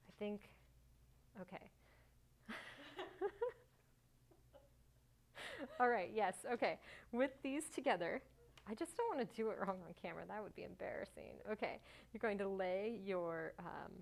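A woman hosting a sewing tutorial, talking casually and cheerfully through each step, joking at herself and breaking into little bursts of excitement. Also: lowish voice, creaky. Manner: chatty, self-mocking, bursts of excitement.

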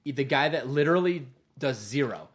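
An American man in a casual sports podcast, chatting with friends. He tells stories with lively energy and peppers them with swearing. His voice sits at an ordinary middle pitch. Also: normal speed. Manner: animated storytelling, swears freely. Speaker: podcast co-host.

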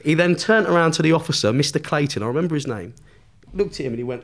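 A man's voice: a little high, fast talker. Foul-mouthed man telling a story. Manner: swears constantly, animated storytelling with laughs. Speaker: podcast guest. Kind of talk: storytelling in casual chat.

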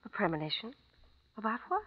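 An actress playing a brisk, coaxing American wife in a 1950s radio drama. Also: female voice, medium pitch, very animated, husky. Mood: impatient. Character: chilly, impatient American wife. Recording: muffled 1950s radio broadcast with faint hiss.

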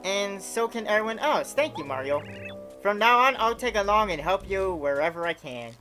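A woman's voice: medium pitch, lively intonation, moderate pace, bright, forceful tone, faint music behind. A woman reading game dialogue as a cheerful, feisty young female bob-omb, with an eager, bouncy delivery. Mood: grateful.

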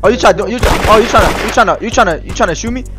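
A young man doing loud, trash-talking commentary over game voice chat, laughing a lot. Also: sits high, racing, music in the background. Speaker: gaming streamer.

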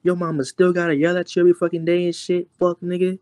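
A man's voice: high voice, monotone, fast talker, a little mellow, dry recording, clean studio sound, lightly acted. A young man mocking a cursing teen. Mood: ranting. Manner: profane ranting. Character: angry teenage boy cursing on a livestream.

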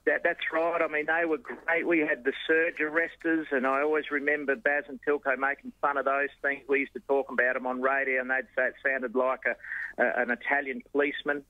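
A businessman talks on a radio show in an effusive, salesy manner and often stumbles and repeats words. His voice comes through a thin, phone-like line that is dry, at a middle pitch. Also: flat delivery, a little fast, no echo. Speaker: business owner, advertiser. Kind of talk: on-air chat.

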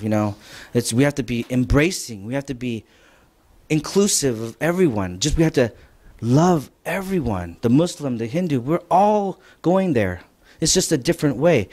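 A man preaching a conversational church lecture, mostly relaxed but rising to emphatic points. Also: medium pitch, moderate pace. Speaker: pastor. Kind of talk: sermon lecture.

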